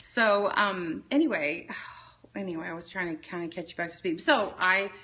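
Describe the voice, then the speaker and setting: A woman's voice: on the low side, moderate pace, pushed and bright. A woman from Texas telling a rambling story in a casual livestream chat, jumping from tangent to tangent. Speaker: interview guest. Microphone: phone livestream.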